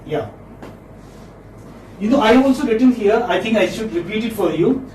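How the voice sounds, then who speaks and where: Male phonetics lecturer, high voice, distant mic, faint hiss, patient and repetitive. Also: lively intonation, darkish tone. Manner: repeats words slowly, asks "hmm?" to check students. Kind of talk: classroom lecture. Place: classroom. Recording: echoey room, mic from afar, faint noise.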